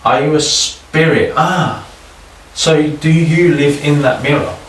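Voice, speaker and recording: A man hunting ghosts at night in a haunted house, slowly asking the spirits questions and swearing in awe. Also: fairly high pitch, a little hiss or hum. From United Kingdom. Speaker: paranormal investigator. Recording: echoey room, mic at a distance.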